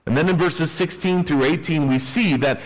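A man, a pastor, preaching a sermon with emphatic delivery, dropping his voice low on key words. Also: normal speed, long reverb tail, rough recording.

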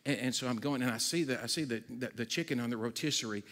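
This is a pastor's sermon, given fast by a man and carried by a long reverb tail. Energetic and chatty, he mixes humor with stammered restarts and lowers himself to a quiet tone for the weighty moments.

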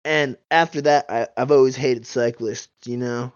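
A man's voice: medium pitch, fairly even intonation, moderate pace, clean tone, no room sound, muffled recording, close to an everyday voice. A man doing an improvised comedy voice of a dim-witted, boastful young male bro skier who talks in slangy surfer-bro drawl.

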